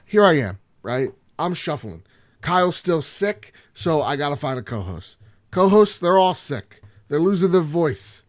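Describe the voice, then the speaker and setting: A man in a lively, joking podcast monologue, his voice sitting a little high and leaping up and down as he rambles. He swings between loud mock outrage and muttered asides. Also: unhurried. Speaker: podcast host. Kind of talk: solo podcast chat.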